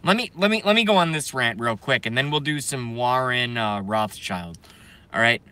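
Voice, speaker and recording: Young guy ranting on his stream, brash, swears a lot, bright punchy voice. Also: medium pitch, animated, moderate pace, clear, resonant tone. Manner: brash, profane, rambling. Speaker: live streamer. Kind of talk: ranting live stream, reading comments.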